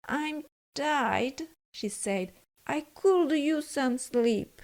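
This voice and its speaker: Woman storyteller for kids, fairy tale, unhurried and gentle, a bit high. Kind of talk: children's fairy tale narration.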